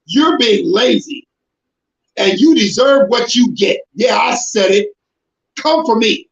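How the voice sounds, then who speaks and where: A man preaching to a congregation in an emphatic, confrontational way, breaking into shouted bursts. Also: extremely high pitch, animated, takes it slowly, creaky. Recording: roomy, dull lo-fi sound.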